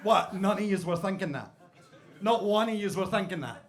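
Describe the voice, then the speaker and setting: High-voiced Scottish comic on stage. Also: male voice, normal speed. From Scotland. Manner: energetic storytelling with mock-pompous wordplay. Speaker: stand-up comedian. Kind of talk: stand-up comedy set. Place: basement comedy club stage.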